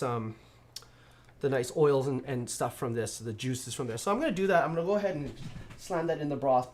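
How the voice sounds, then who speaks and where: A man's voice: a little high, slight background noise. Chatty man rambling while he cooks. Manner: chatty, rambling, bursts of playful sound effects. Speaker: cooking streamer. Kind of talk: casual cooking livestream chat. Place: home kitchen.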